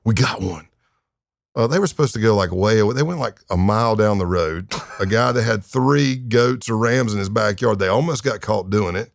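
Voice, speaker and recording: A man in his fifties with a fairly low, creaky voice talks fairly quickly and barely pauses, recorded clean in a studio with no room sound. He's a retired undercover agent guesting on a podcast, telling his story casually and animatedly, acting out quoted voices and using lots of fillers.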